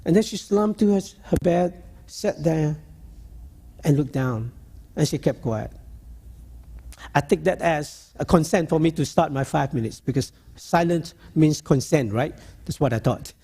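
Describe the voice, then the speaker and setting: A man preaching a sermon, telling a story in a halting, earnest way. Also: on the high side, expressive, gravelly, warm tone, breathy edge.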